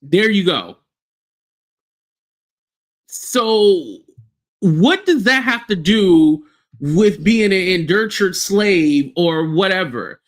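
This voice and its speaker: A man hosting a livestream, giving blunt, heated commentary with swearing and quick acted-out quotes. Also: high-pitched, expressive.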